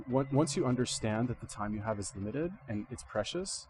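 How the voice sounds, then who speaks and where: A man's voice: medium pitch, lively intonation, brisk, hardly any pauses. Man rambling over street noise. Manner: rambling, swears a lot, many restarts. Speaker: vlogger reacting to a clip. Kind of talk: casual rambling commentary.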